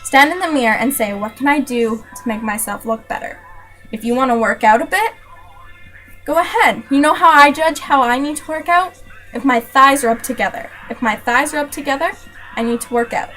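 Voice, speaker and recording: A woman's voice: high voice, a little fast, bright, forceful tone, faint music behind, rough recording. Earnest young woman giving a pep talk. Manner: earnest, emphatic, repeats for emphasis. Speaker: vlogger. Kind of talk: motivational rant to camera.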